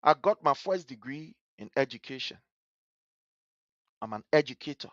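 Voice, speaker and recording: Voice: medium pitch, expressive, moderate pace, fairly bright tone, no echo, dull audio. A host with a Liberian accent who comments angrily and passionately on a video during a livestream. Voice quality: passionate, emphatic, repetitive. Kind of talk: angry live commentary over a video.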